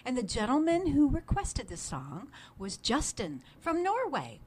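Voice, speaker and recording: A woman's voice: high-pitched, wildly swooping pitch, a little slow, a little mellow, a little hiss or hum. An older woman co-hosting a radio show in a studio, chatting casually and laughing often while sharing music trivia. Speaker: radio host. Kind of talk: casual on-air chat.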